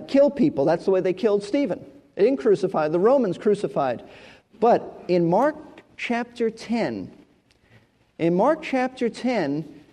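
High-pitched guy preaching, leans hard on repeated words, long hall echo behind him. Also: dark tone. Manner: emphatic, repeats key words. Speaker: pastor. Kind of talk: expository sermon.

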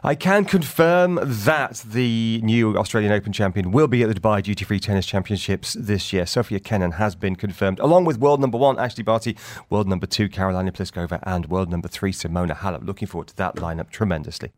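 A man with a lowish voice co-hosts a news show, reading sports items and adding wry comments. The sound is dry and close. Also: a little fast, few pauses, no room sound. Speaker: news co-presenter.

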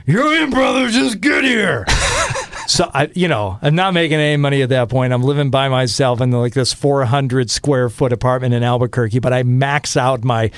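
A man's voice: medium pitch, steady tone, a little fast, hardly any pauses, smooth, dry recording. A man in his fifties from Michigan, a radio host telling stories in a rambling way with many fillers. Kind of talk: casual podcast interview.

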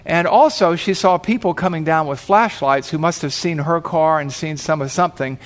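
A pastor with a fairly high voice speaks at normal speed as he tells a dramatic sermon illustration. He acts out the voices of the people in the story.

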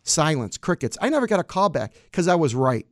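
A man's voice: a little high, sing-song, fairly quick, no echo. Fired-up new guy pushing his campaign, dry sound. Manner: emphatic, combative politician. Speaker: county clerk. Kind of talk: campaign interview answers.

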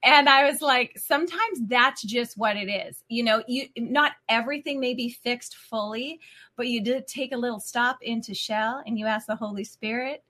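A woman's voice: a little high, normal speed, pushed and bright. A middle-aged woman co-hosting a casual faith talk, telling an emotional story in a chatty way.

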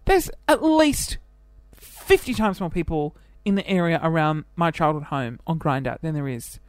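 A man's voice: on the high side, normal speed, no echo. Chatty Australian man, dry close sound. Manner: chatty, self-deprecating, jumps between topics. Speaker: podcast host. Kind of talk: casual solo podcast monologue.

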